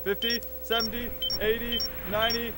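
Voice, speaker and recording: A man commentating a horror video game, jumpy and loud, yelping, laughing and talking to the characters. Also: very high-pitched, level tone, moderate pace, very noisy. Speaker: gaming video host.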